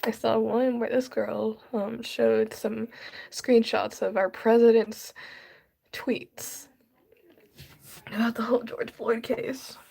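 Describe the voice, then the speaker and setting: A woman on the edge of tears vents in an emotional vlog, her voice husky and gravelly with fry. She sighs often and sinks into whispers between outbursts. Her pitch sits a little high. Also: steady tone, slow pace, warm tone. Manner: tearful, sighing, dropping into whispers. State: crying. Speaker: vlogger.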